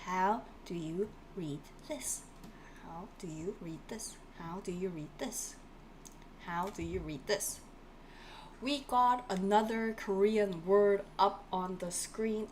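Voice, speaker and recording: A woman's voice: medium pitch, slow, darkish tone, slight background noise. A woman teaching a live online language class, encouraging her students and repeating each word again and again, with frequent laughs. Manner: encouraging, repeats words for drilling; laughs often, playful asides.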